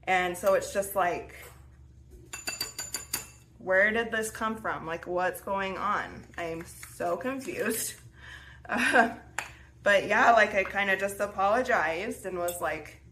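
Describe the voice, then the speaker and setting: A young woman tells a personal story on her podcast in a loose, chatty way. She leans on fillers and restarts her sentences often. Her voice sits at a middle pitch. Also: slow, pauses often, fairly bright tone. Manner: chatty, filler-heavy with many restarts and 'like'. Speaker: podcast host. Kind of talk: casual storytelling.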